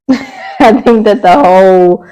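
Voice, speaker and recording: A woman's voice: mid-range voice, slow pace, warm tone, poor audio. A woman giving a casual, opinionated recap of a reality show, chatty and blunt, with sassy asides and mocking quoted voices. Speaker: YouTube reality-TV reviewer.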